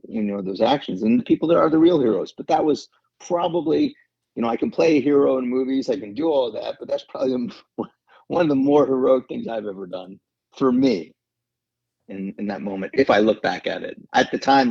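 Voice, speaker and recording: A middle-aged man, an actor, telling an emotional story in an interview, earnest and halting, with many restarts. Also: mid-range voice, expressive, creaky, a little mellow, slightly rough, dry recording. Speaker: actor guest. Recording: dull lo-fi sound.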